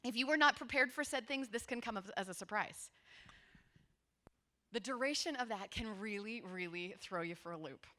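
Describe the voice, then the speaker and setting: A woman in her forties giving a conference workshop talk, telling stories in a lively, conversational way with asides to her audience. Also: a little high, moderate pace. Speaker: workshop presenter. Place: conference room with a seated audience.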